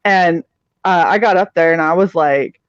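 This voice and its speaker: A woman co-hosting a live stream, telling a long story in a casual, profane, animated way and acting out the people in it. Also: lowish voice, moderate pace, clean tone, no room sound, highs cut off.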